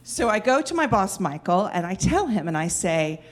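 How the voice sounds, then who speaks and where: A woman telling a funny personal story in an animated, self-mocking way. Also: mid-range voice, moderate pace, hardly any pauses. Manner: animated, self-mocking, lots of fillers and restarts.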